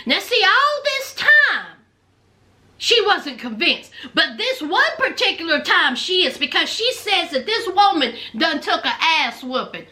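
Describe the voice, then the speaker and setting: A woman with a very high, bright voice, recapping reality TV for her viewers. She talks slowly, with a lively, swooping delivery and full of sassy, sarcastic asides. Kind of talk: casual reality show recap commentary.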